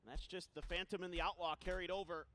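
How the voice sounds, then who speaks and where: A male esports analyst with a high voice, calmly breaking down how each round played out. Steady background noise runs under the broadcast. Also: fast. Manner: analytical, explaining plays. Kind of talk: color commentary.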